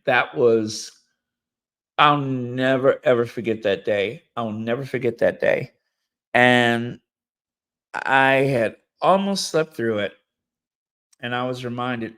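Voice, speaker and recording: A man hosting a live stream who reads out messages from his members and thanks each one. He speaks at an unhurried, drawn-out pace, and his voice sits at an ordinary middle pitch. He is openly emotional and effusive in his thanks. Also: fairly bright tone. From United States. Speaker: channel host reading member messages. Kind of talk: live-stream chat reading.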